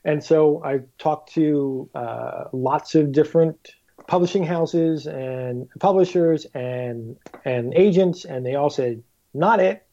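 Animated storytelling man, lo-fi. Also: fairly high pitch, slow pace. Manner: animated storyteller, acts out quoted voices. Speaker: guest author. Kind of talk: casual podcast chat.

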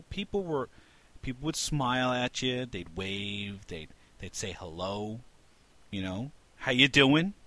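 A man from New York City co-hosting a casual podcast chat, telling stories in a rambling, animated way with plenty of swearing and laughter. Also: mid-range voice. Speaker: podcast co-host.

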